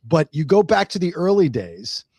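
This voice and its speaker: Podcast host asking rambling questions, dry sound. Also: male voice, fairly high pitch, very animated, moderate pace, darkish tone, slightly rough, no room sound. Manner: rambling, loose questions with fillers. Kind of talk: casual interview chat.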